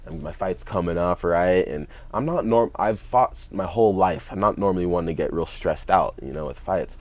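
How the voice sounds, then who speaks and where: Chill young guy, real deep voice, rambling story full of "you know". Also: moderate pace, a little mellow. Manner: laid-back, many "you know"s and "like"s. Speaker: podcast guest, fighter. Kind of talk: casual storytelling.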